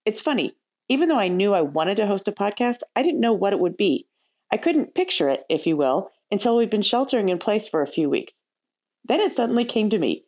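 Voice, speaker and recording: A woman's voice: medium pitch, sing-song, brisk, a little mellow, dull audio. Upbeat woman hosting a travel podcast. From United States. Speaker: podcast host. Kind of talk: scripted travel podcast narration.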